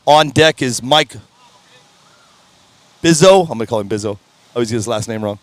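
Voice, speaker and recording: A man announcing live drag racing in an upbeat, folksy way, fumbling names now and then, his voice strained and clearing his throat. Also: mid-range voice, expressive, moderate pace, no echo. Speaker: race announcer. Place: at a racetrack.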